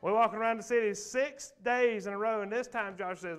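A man preaches from the pulpit in a high, lifted voice. He swings between loud bursts and quiet asides, calling out to the congregation as he goes. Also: a little fast, clean tone. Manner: animated preaching, calls out to the congregation. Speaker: pastor. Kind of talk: sermon. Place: church sanctuary.

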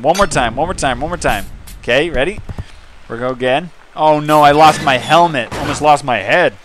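A man hosting a let's-play, mumbling through menus and bursting into excited yells at the game. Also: on the high side, background noise. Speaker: gaming channel host.

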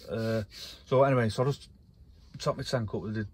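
A man's voice: fairly low pitch, steady tone, fairly quick, darkish tone, a little hiss or hum. Sweary man ranting from his van. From North West England. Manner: sweary, rambling, worked up. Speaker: vlogger. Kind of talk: casual ranting vlog. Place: in a camper van.

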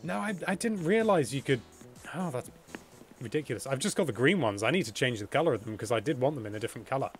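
A British man hosting a live gameplay stream, chatting in an excitable, gushing way as he tours an island. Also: mid-range voice, fast talker, soft background music. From Britain. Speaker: livestream host.

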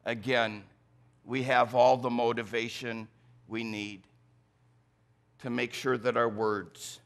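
A man with a Michigan accent preaching a deliberate, emphatic sermon as pastor in a church. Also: mid-range voice, little pitch movement, gravelly. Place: church sanctuary.

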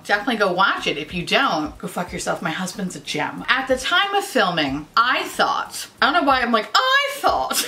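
Brief: woman in her 30s, bright sassy vlogger, swears a lot, big swings in pitch. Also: slight background noise. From United States. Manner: sarcastic, swears constantly, jumps into silly voices. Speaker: beauty YouTuber. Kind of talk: casual profane rant.

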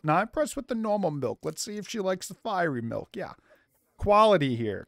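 A man's voice: a little high, sing-song, normal speed, gravelly, no echo, clean studio sound. A young man casually commentating a life-sim game for his channel, joking around and calling himself a little loopy. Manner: goofy, self-described loopy, jokey asides to the viewers. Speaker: gaming YouTuber. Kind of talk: let's play commentary.

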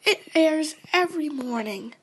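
Woman doing a bossy sunny morning show lady from a cartoon, high voice, talks slow. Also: lively intonation. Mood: boastful. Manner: bossy, easily annoyed. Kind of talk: fan-made cartoon voice acting.

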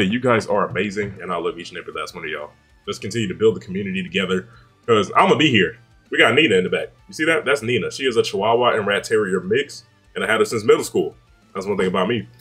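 A young man hosting a horror game playthrough, talking with excitable energy and shouting to hype up his viewers. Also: fairly low pitch. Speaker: gaming channel host.

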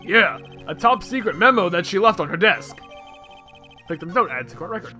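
A man's voice: sits high, big pitch swings, normal speed, bright, forceful tone, faint music behind, full character voice. Man reading an earnest bumbling detective. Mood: dutiful.

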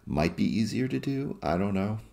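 A man from the American Midwest, co-hosting a podcast in casual chat, measured and thoughtful, with many fillers. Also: lowish voice, animated, vocal fry, warm tone. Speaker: podcast co-host.

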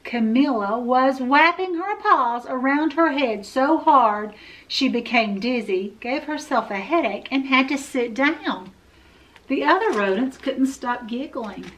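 Librarian lady reading a kids book out loud, slow and playful, high voice. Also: slight background noise. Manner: expressive, playful, asks the listeners. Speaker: children's librarian. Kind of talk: children's storytime read-aloud.

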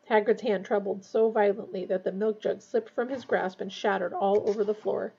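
A woman reading a novel aloud in a steady, measured way. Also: medium pitch, vocal fry, breathy edge, highs cut off. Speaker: audiobook reader.

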